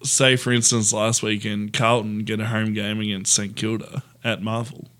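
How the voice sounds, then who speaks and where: A man's voice: on the low side, flat delivery, normal speed, a bit bright. An Australian man co-hosting a casual sports podcast, chuckling often and trailing off mid-sentence. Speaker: podcast co-host.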